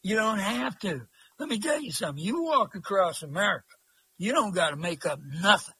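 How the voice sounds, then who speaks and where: Folksy man, interview guest; high, husky voice, dry close sound. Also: expressive, fairly quick, sharp tone, no echo, rough recording. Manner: rambling, folksy, many fillers. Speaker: interview guest, long-distance walker. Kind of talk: casual storytelling.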